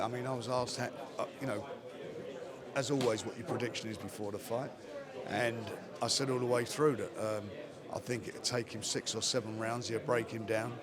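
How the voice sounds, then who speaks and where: An older man speaks as a boxing promoter in a post-fight interview. He talks plainly and says key phrases twice. A loud crowd chatters behind him at the event. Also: mid-range voice. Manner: plainspoken, repeats phrases for emphasis.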